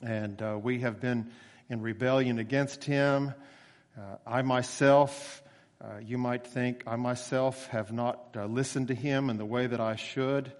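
A man's voice: mid-range voice, fairly even intonation. Preacher man in a reverberant hall. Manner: conversational storytelling with emphatic slowed phrases. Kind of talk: sermon.

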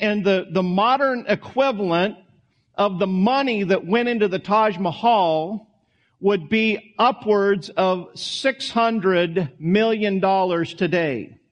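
A man preaches to his congregation. His delivery is conversational and folksy, full of small asides and restarts, as if he is thinking aloud from the pulpit. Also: high voice. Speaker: pastor. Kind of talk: sermon.

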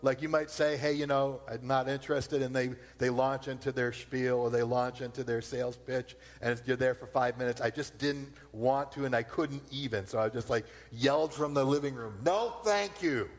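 A man preaching a sermon, slowing down to repeat his key points. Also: mid-range voice, flat delivery. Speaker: pastor. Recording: long hall reverb.

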